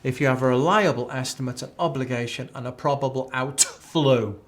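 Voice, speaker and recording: A man's voice: mid-range voice, steady tone, brisk. A man teaching an accounting exam class, chatty and repeating key phrases as a drill. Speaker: accounting tutor. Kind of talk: live exam tuition lecture.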